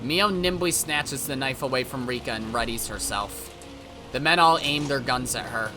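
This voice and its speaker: A man's voice: mid-range voice, moderate pace. A man reading a visual novel aloud, with brief side remarks of his own. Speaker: let's-play narrator. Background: game music.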